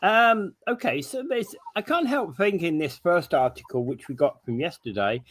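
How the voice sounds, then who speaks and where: A man's voice: on the high side, expressive, normal speed, a bit bright. A man hosting a casual morning talk show, teasing his co-host dryly and stumbling through news details with lots of fillers.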